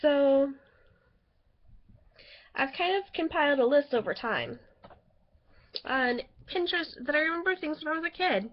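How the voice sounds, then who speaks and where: A woman's voice: high voice, lively intonation, measured pace, pauses often, lo-fi sound. A young woman chatting casually to her camera, rambling with fillers and giggling between stories. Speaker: vlogger.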